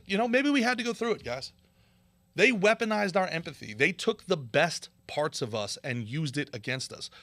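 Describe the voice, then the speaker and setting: A male host delivers political commentary in a sarcastic, animated rant. His voice sits a bit high and has a bright, sharp edge. The recording is dry and close, with no room sound. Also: dry recording. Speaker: show host.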